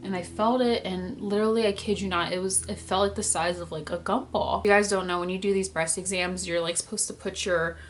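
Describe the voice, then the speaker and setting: A woman's voice: medium pitch, fairly even intonation, fairly quick, few pauses, slight background noise. A woman in her early twenties telling a personal story to camera, candid and emotional, fighting back tears and using lots of "like". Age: early 20s. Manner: candid, emotional, many filler "like"s. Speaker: vlogger.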